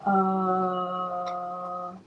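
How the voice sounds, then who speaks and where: A woman's voice: on the low side, completely flat delivery, very slow, lo-fi sound. A woman hosting a live crafting stream, chatting with her viewers in a playful, self-mocking way. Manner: chatty, talks straight to viewers. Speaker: crafting channel host.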